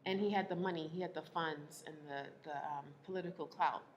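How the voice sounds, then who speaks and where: A woman relationship coach speaking to a live audience, animated, laughing often and acting out the people she quotes. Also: sits low, fairly quick, muffled recording, slight background noise.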